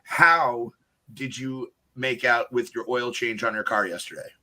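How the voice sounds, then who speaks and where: A man's voice: medium pitch, steady tone, measured pace, background noise. A man co-hosting a live show, joking and teasing a guest in casual chat. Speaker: co-host.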